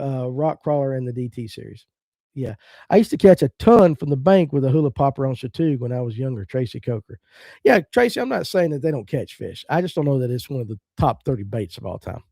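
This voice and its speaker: On a fishing podcast, a middle-aged Southern American man chats bluntly and casually in a live-stream style, airing strong opinions and reading viewer comments out loud. His voice is a bit high for a man, yet warm and mellow, and the room sounds dry and close with no echo.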